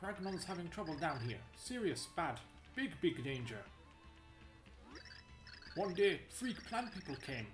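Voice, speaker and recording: A woman's voice: on the low side, sing-song, unhurried, long pauses, pitched below the performer's own voice. A woman voicing a dim-witted male rock-creature chief who talks in broken grammar and surfer slang, with a made-up Italian-country accent. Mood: pleading. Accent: made-up accent, Italian with a country twang. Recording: echoey room with game music.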